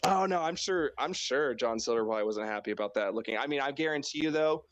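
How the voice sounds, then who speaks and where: A man co-hosting a casual wrestling podcast, talking in a loose, profane way and acting out reactions in high mock voices. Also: lively intonation, fast, no room sound. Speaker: podcast co-host.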